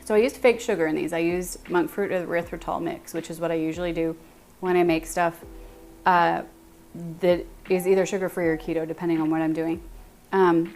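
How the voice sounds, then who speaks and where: Greeting her viewers by name, a Texan-accented woman with a fairly low voice hosts a casual baking livestream from her home kitchen, chatting and thinking aloud as she goes.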